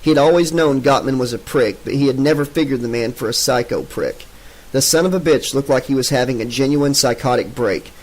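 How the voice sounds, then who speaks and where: A man narrating an unabridged audiobook in a steady, even storytelling manner. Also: mid-range voice, a little fast, low-quality recording.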